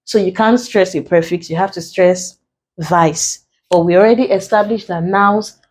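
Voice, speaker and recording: A woman with a Nigerian English accent tutoring an exam-prep lesson, slow and deliberate, repeating key points as she writes on a board. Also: mid-range voice, steady tone, a little mellow, rough recording.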